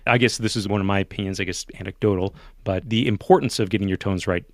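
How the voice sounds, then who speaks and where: A man's voice: lowish voice, fairly even intonation, quick pace, no room sound, studio quality. Playful man hosting a podcast. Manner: friendly, playful, laughs at own stories. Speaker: podcast host. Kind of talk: podcast interview and outro.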